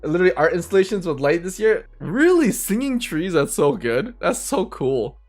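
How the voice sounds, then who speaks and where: A man's voice: sits high, big pitch swings, moderate pace, soft background music. A man chatting casually and rambling with viewers on a live stream, laughing often. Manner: rambling, giggly, talks to viewers.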